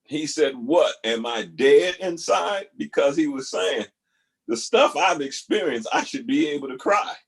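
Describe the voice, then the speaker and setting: A man hosting a talk, pausing video clips to reflect earnestly, repeating key phrases for emphasis. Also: on the high side, lively intonation, creaky, breathy edge. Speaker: host reacting to video clips. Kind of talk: reflective spoken commentary.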